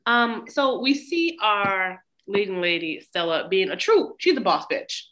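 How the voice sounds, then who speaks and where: A woman's voice: mid-range voice, big pitch swings, a little slow, fairly bright tone. A woman co-hosting a podcast in casual, playful chat, laughing often. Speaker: podcast co-host.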